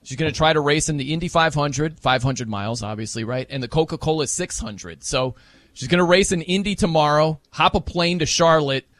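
A man with a slightly raised voice hosts a sports talk show, talking casually and getting animated as he goes. The sound is dry and close, with no room around it. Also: on the high side, brisk, no room sound. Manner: animated, mimics wrestling announcers for laughs.

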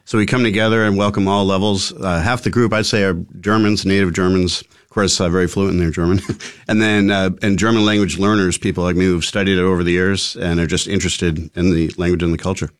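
A middle-aged man from Massachusetts, a guest on a radio show, talking quickly and eagerly with many fillers. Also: deep voice, flat delivery, dry recording, clean studio sound. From Massachusetts, USA. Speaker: guest, meetup organizer. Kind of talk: radio interview.

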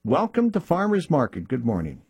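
A man hosting a radio buy-and-sell call-in show, reading listings plainly and repeating phone numbers slowly. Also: medium pitch, huge pitch swings, vocal fry, a little mellow, breathy edge, dry recording.

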